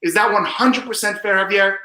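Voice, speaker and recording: A man's voice: sits high, steady tone, fairly quick, pushed and bright, roomy sound, rough recording. A man performing as a mentalist, showy and teasing, talking straight to the audience. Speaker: mentalist guest. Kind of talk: magic performance patter.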